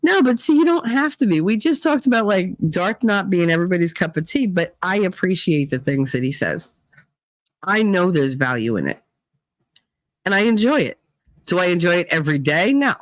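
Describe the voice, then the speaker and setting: A woman's voice: fairly low pitch, very animated, normal speed, no room sound, low-quality recording. A middle-aged woman hosting a casual livestream, chatting with viewers by name and swearing freely. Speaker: livestream host reading chat. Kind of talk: casual chat.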